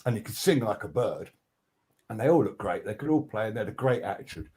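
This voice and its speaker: A man's voice: on the low side, fast. An older man, a guest record producer telling casual studio anecdotes, swearing freely, restarting his sentences and acting out what people said. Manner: animated, swears freely, acts out quotes; many restarts and fillers.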